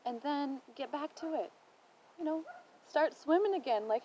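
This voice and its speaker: A woman's voice: high-pitched, moderate pace, mellow, lo-fi sound, a little hiss or hum. A young woman talking to camera from home, thinking aloud and offering encouragement in a reflective personal vlog. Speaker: vlogger. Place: home indoors.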